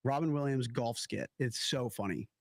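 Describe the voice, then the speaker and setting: A man's voice: mid-range voice, normal speed. A man in his twenties hosting a podcast, chatting casually and rambling with many "like" fillers. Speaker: podcast host. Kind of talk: casual chat.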